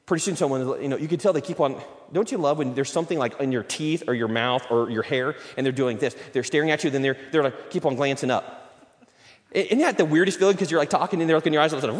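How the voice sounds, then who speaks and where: A man's voice: mid-range voice, expressive, quick pace, long reverb tail. A man preaching a conversational sermon, acting out little everyday dialogues as he goes. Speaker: pastor.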